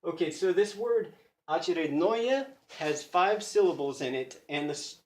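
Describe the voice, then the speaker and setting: American guy, slightly high voice, earnest and thinking aloud as he explains study tips, echoey phone recording. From United States. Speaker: language learner sharing study tips. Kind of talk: casual explanatory video talk.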